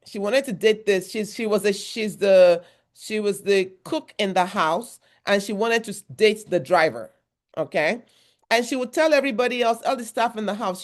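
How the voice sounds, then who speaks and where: A woman's voice: medium pitch, lively intonation, normal speed. A woman from Nigeria, a therapist giving a motivational workshop talk in a conversational, repetitive style with emphatic asides.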